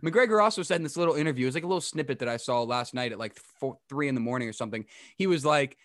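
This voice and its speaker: Young dude doing a chatty sports rundown on camera, lots of asides, dry room. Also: male voice, mid-range voice, a bit bright, dry recording. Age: young adult. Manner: rambling, chatty, quick asides. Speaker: podcast host giving a sports update. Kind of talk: casual sports chat to camera.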